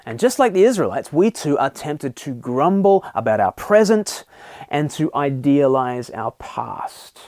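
Lively, earnest male Bible teacher. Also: fairly high pitch, a little slow, no room sound, clean studio sound. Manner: earnest, animated preaching that acts out grumbling voices. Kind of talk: short daily Bible devotional.

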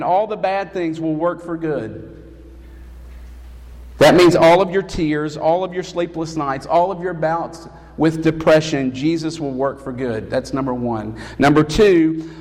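A man preaching a sermon as pastor, emphatic and rising to loud calls. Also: fairly high pitch. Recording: long hall reverb.

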